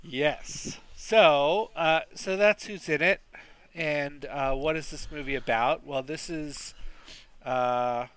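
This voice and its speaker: Slow, bright-voiced man recapping a movie. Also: fairly high pitch, smooth. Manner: slow, rambling, many restarts. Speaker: podcast co-host.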